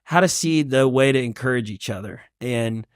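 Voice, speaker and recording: A man, a pastor who hosts a podcast, interviewing a guest and telling stories with lively acted-out shouting. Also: mid-range voice, moderate pace, smooth, no room sound, studio quality. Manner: animated storyteller, acts out shouting.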